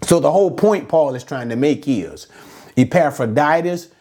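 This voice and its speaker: Lively, animated middle-aged preacher. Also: male voice, fairly high pitch, normal speed. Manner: conversational, lively preaching with asides to listeners. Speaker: pastor. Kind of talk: sermon teaching.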